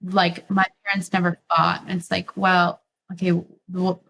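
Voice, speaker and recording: A woman speaks as a podcast guest in a low, fairly even voice. She talks earnestly about her relationship, sprinkling her sentences with "like," and faint noise sits under the recording. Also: unhurried, vocal fry. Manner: earnest, reflective, frequent "like" fillers. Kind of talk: candid relationship talk.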